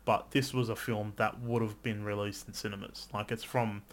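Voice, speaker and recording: A man co-hosting a podcast in casual chat, animated and quick to swear, his voice jumping up when he gets excited. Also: on the low side. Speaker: podcast co-host.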